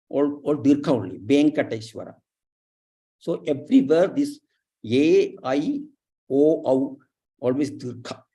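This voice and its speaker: Man slowly teaching Sanskrit letter sounds. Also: medium pitch, mellow, husky. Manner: drawn-out syllables, many uh fillers.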